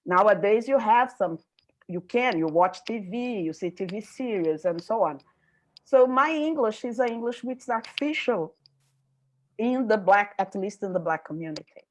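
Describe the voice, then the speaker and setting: A woman's voice: mid-range voice, animated, moderate pace, low-quality recording. Reflective older woman on a panel. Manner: reflective, checks in with "okay?". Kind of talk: panel discussion.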